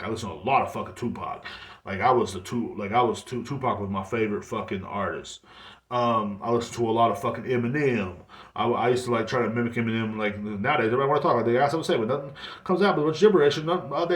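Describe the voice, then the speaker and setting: A man in his thirties rambles through a casual podcast monologue. He is blunt and profane, and his pitch sits right in the middle. The room around him is noticeably echoey. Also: racing, a bit bright. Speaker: podcast host.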